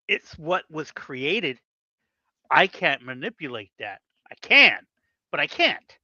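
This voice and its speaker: A man with a bright, forceful voice talks through his lettering work in a casual chat, pitched a little above most men. The sound is dry and somewhat dull, like a lo-fi recording. He explains at length and acts out what editors ask of him. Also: very animated, slow, dry recording. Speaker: comic book letterer.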